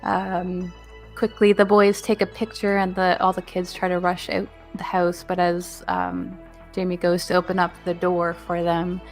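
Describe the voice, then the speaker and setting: A woman narrating a tabletop game as game master, recapping the last session in a relaxed way with plenty of fillers. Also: lowish voice, unhurried, soft background music.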